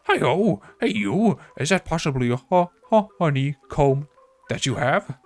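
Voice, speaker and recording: A man's voice: a little high, animated, a little slow, faint music behind, pitched above the performer's own voice. A man voicing an upbeat villager in a video game who asks to swap items. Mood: eager.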